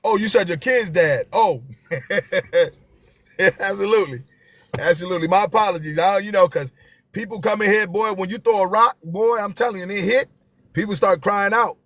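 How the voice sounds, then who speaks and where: Passionate high-voiced man preaching on a live stream. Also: moderate pace, a bit bright, no echo. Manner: passionate, emphatic, repeats key phrases.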